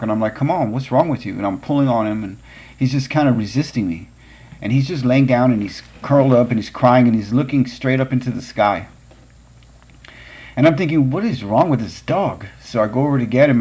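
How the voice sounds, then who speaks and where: A man's voice: on the low side, a little mellow, breathy edge. A man hosting a podcast, telling a personal story in an earnest, conversational way. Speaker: podcast host.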